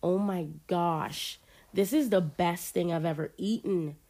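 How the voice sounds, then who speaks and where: A woman reading aloud and voicing an excitable, distracted teenage girl who seems to talk to herself. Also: on the low side, unhurried, breathy edge, full character voice. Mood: excited. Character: scatterbrained teenage girl, the narrator's best friend.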